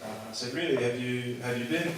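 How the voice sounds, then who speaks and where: A man's voice: mid-range voice, fairly quick, a little hiss or hum. A young Australian man doing stand-up comedy, rambling in a laid-back way with lots of fillers. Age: young adult. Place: comedy club stage. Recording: echoey club recorded from far off. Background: audience laughter.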